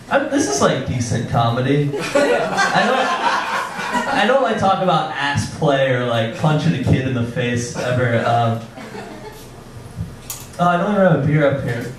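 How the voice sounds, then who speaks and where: A man doing a stand-up set, awkward and self-deprecating, halting with frequent ums. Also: medium pitch, lively intonation, noisy background. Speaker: stand-up comedian. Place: comedy club stage. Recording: roomy club sound from a distance with audience. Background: audience laughter.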